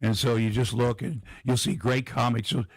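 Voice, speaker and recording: A man's voice: medium pitch, normal speed, no room sound. A middle-aged man, a comedian and actor, telling self-deprecating stories as a guest on a talk show. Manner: self-deprecating, animated storyteller. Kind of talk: casual anecdotal storytelling.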